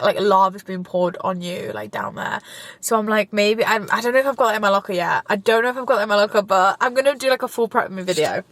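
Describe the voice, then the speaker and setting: A woman's voice: fairly high pitch, fairly bright tone, no echo. A young woman, vlogging casually from her car, chatty and gushing, now and then tearful. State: tearful at times. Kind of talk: casual chat while driving. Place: inside a car.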